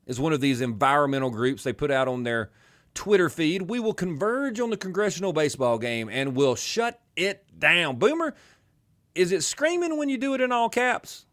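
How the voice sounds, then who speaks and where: A middle-aged radio host with a twangy Southern drawl from Alabama, talking in an animated, rambling way. His voice sits a bit high for a man and swings widely in pitch. He keeps drifting into joking asides. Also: moderate pace. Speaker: radio talk show host. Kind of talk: casual talk radio banter.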